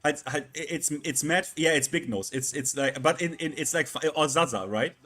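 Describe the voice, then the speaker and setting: Male streamer, casual live chat; halting delivery full of fillers and restarts. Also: a little high, fairly bright tone. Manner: halting, repeats words, many fillers.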